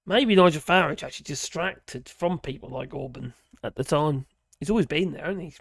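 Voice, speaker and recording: A man with a hoarse voice, rambling and chuckling as he hosts a live stream and reads out viewer chat. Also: on the high side, moderate pace, no echo, clean studio sound. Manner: rambling, chuckling, trailing off mid-sentence. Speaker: livestream host reading viewer chat.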